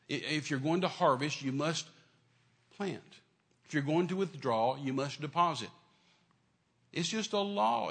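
An older male preacher delivers a sermon with a gravelly, fry-laden voice that sits a bit high. He talks in a folksy, homespun way, repeating phrases and restarting lines for emphasis. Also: a bit bright.

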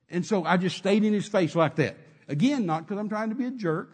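A man's voice: high-pitched, fairly quick, husky. A male preacher telling a sermon story, emphatic and repetitive, with many restarts.

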